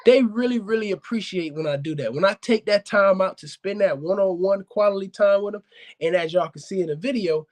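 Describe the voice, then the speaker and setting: A man hosting a casual live-stream chat about his dogs, animated and preachy, often calling out to viewers. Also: high-pitched, brisk. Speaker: dog kennel owner hosting a live talk show.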